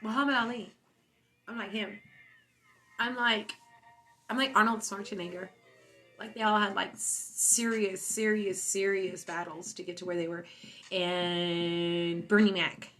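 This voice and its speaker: Woman, stoned, casual livestream chat, rambling, boastful, giggly, bright tone. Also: mid-range voice, fairly even intonation, a little slow, pauses often, soft background music. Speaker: livestream host.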